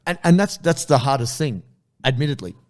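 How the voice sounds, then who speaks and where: A man hosting a casual jiu-jitsu podcast chat, telling stories in an animated way and swearing freely. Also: medium pitch, brisk. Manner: animated storyteller, swears casually, acts out quotes.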